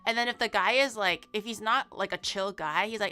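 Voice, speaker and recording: A woman streamer chatting casually to her viewers with quick asides and frequent restarts. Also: mid-range voice, bright, forceful tone, smooth. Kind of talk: casual live-stream chat.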